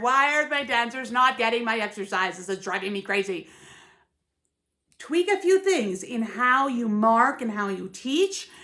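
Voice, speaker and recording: A ballet teacher, a woman with a somewhat high voice, explains her craft with emphasis and a sense of rhythm. She keeps checking in with her listeners, asking "yeah?" and "right?" as she goes. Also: fairly bright tone. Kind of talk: teaching tips to camera, with sung counts.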